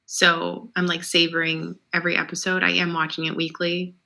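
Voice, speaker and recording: Woman co-host, relaxed and reflective, bright tone with some vocal fry. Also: lowish voice, normal speed. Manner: relaxed, reflective, filler-heavy. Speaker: podcast co-host. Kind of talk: casual chat.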